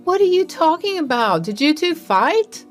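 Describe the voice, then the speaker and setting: A woman voicing an energetic older mother-in-law with graying hair who fusses over her daughter-in-law. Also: high-pitched, moderate pace, soft background music, pitched above the performer's own voice. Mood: worried.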